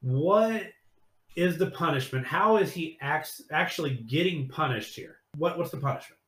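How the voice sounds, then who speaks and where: Animated, profane man in an echoey room. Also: a little high, moderate pace. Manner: animated storyteller, swears freely, laughs often. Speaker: podcast host. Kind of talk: casual chat, recapping a scene.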